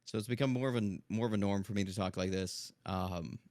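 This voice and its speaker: A man talking casually on a podcast in a low, projecting chest voice, keeping a calm, even, near-monotone delivery. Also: brisk, no room sound, clean studio sound. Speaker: streamer guest. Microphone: dynamic studio microphone.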